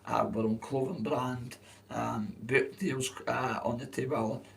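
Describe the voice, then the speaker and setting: A man with a broad Dundee Scottish accent talks to his livestream chat, hoarse and rough with a crackly, gravelly edge. He rambles, swears freely and restarts his sentences as he goes, with a faint hiss of noise underneath. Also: mid-range voice, fairly even intonation, takes it slowly. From Dundee, Scotland. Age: adult.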